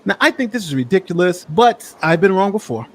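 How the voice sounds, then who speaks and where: A man's voice: sits high, big pitch swings, a little fast. A young man giving opinion commentary to his viewers, asking rhetorical questions.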